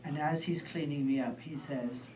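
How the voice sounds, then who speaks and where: A man's voice: fairly high pitch, steady tone, normal speed, a little mellow, recorded from a distance, rough recording. British man telling a rambling stand-up story. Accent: British English. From Britain. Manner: rambling, self-deprecating, trailing asides. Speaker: stand-up comedian. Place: comedy club stage.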